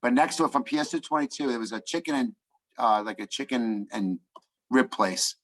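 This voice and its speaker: A man's voice: mid-range voice, brisk, a crowd in the background, rough recording. A man co-hosting a casual chat, telling rambling stories with hesitations and restarts. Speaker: podcast co-host.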